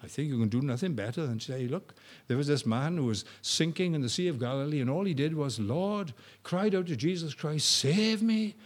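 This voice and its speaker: Older man preaching, soaring loud appeals. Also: animated. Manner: swings from soft, slow storytelling to loud, high-pitched appeals. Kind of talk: sermon.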